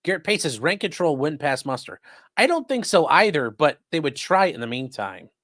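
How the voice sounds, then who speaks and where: A man's voice: a little high, sing-song, fairly quick, fairly bright tone, no room sound, studio quality. A man hosting a live-streamed legal news show, giving sarcastic, rambling commentary and talking to his chat. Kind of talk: casual livestream commentary.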